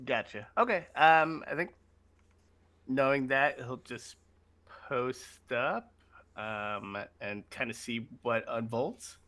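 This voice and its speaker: A man's voice: medium pitch, slow, pushed and bright. A man playing in a tabletop game, thinking aloud with hesitant, stammering restarts. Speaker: player. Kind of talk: casual tabletop play.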